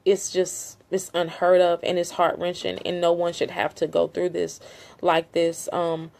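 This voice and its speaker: A woman's voice: lowish voice, completely flat delivery, unhurried, vocal fry, darkish tone. A middle-aged woman making an impassioned, earnest appeal straight to her viewers, emphatic and repetitive with frequent fillers. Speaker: family member speaking out on a land dispute. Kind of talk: impassioned direct-to-camera appeal.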